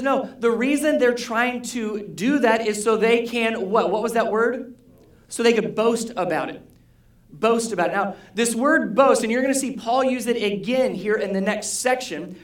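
A pastor preaching a conversational sermon, often asking the congregation questions and repeating key words. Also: medium pitch. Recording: roomy hall echo.

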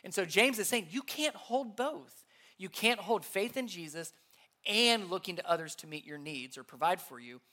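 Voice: medium pitch, expressive, normal speed, bright, forceful tone. A pastor teaching a sermon in an earnest way, repeating key points and asking the audience questions. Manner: asks the audience rhetorical questions.

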